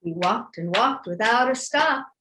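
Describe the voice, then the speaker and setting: A woman storyteller telling a folk tale to children in an animated, sing-song way, inviting listeners to join in. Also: on the high side, measured pace, background noise.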